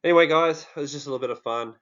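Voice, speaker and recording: A man's voice: a little high, rapid-fire, a bit bright, muffled recording. A man with an Australian accent, talking casually and jokingly to his viewers, with many fillers. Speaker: true crime vlogger. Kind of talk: casual monologue to camera.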